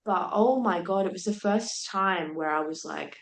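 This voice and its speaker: Young aussie woman retelling a wild night, animated, kinda echoey room. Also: on the low side, slow. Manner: animated retelling with laughs and quoted speech. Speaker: podcast guest. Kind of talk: candid storytelling in conversation. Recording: roomy echo.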